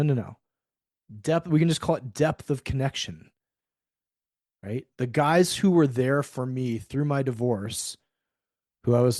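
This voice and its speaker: A man's voice: medium pitch, dark tone, dry recording, clean studio sound. A middle-aged man talking candidly in an interview, acting out quoted dialogue with animation. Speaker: podcast guest. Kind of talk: conversational interview.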